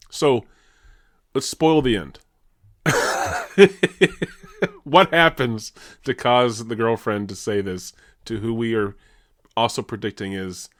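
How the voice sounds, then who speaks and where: A man's voice: fairly low pitch, fairly bright tone, no echo, studio quality. A man co-hosting a podcast in casual chat, laughing often and restarting his sentences. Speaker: podcast co-host.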